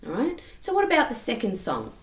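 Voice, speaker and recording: High, lively woman teaching singing. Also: brisk. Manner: clear, patient, often checks in with "okay?". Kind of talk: explanatory vocal lesson. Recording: roomy echo.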